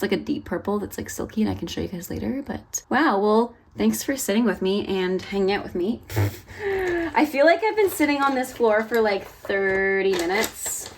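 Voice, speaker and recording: Gushing chatty young woman vlogger. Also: mid-range voice. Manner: gushing, chatty, easily excited. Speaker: vlogger and ballet teacher. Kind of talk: casual makeup vlog chat. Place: home, sitting on the floor.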